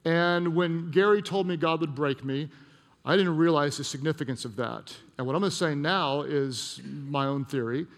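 In a large auditorium with long reverb, a male pastor with a gravelly, somewhat high voice preaches a sermon. He tells a personal story, drives phrases home by repeating them, and drops to a soft, slow delivery at tender moments.

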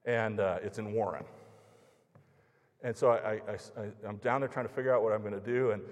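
A man's voice: on the low side, fairly even intonation, a little fast, highs cut off. A man preaching through a personal anecdote in a conversational way, acting out the lines of the people in it. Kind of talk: storytelling sermon. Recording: long reverb of a large hall.

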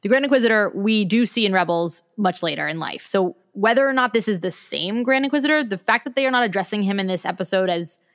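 A woman co-hosting a podcast, speaking at an ordinary middle pitch. She talks in loose, chatty runs strung together with "like". The recording is close and dry, with no room sound. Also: lively intonation, quick pace, few pauses, no room sound. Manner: chatty, strings thoughts together with "like". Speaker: podcast co-host. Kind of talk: casual chat.

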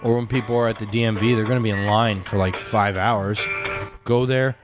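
A man's voice: on the low side, fairly even intonation, brisk, music in the background. A man co-hosting a comedy podcast, laid-back, teasing and crude. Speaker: podcast co-host. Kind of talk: casual comedy podcast banter.

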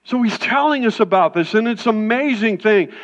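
A male pastor preaching a sermon in a conversational, animated way, breaking off into quick asides. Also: high voice. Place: church sanctuary. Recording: dull sound in a reverberant hall.

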